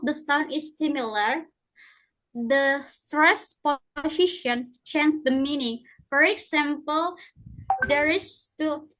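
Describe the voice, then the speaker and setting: A young woman giving a class presentation in halting English, often restarting her words. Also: high-pitched, a bit bright, low-quality recording. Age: young adult. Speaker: student presenter.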